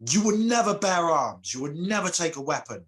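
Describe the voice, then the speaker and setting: A man voicing an angry, vengeful goddess who speaks in sharp curses. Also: on the high side, sing-song, a little fast, pitched above the performer's own voice. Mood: cursing. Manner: sharp, cursing pronouncements. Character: angry vengeful goddess, woman, proud and furious.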